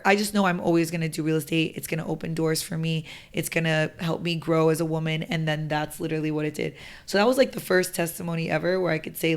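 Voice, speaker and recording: A woman podcast guest in casual conversation, talking earnestly and using lots of "like" fillers. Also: lowish voice. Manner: talkative, many "like" fillers, earnest. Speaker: podcast guest, real estate entrepreneur.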